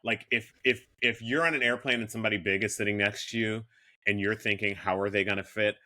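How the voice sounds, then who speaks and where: 50s guy podcast host, self-deprecating, restarts a lot, bright tone. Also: on the low side, steady tone, fast. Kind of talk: casual chat.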